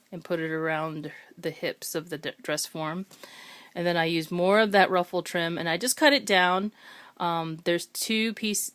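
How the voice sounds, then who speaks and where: A woman's voice: fairly low pitch, fairly bright tone, no echo. A woman casually showing her handmade crafts to the camera, talking in a chatty way with many ums and self-corrections. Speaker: craft video maker. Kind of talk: casual show-and-tell.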